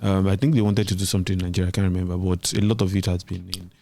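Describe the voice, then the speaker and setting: A man's voice: sits low, flat delivery, very fast, vocal fry, dark tone, a little hiss or hum. A man co-hosting a tech podcast, thinking aloud in a casual, hesitant way. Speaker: podcast co-host.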